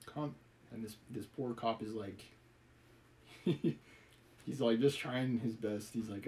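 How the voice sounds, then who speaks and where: A man's voice: medium pitch, takes it slowly, pauses often, a little mellow, a little hiss or hum, rough recording. A man reading a novel aloud on a live stream, mixing the text with wry, chuckling asides.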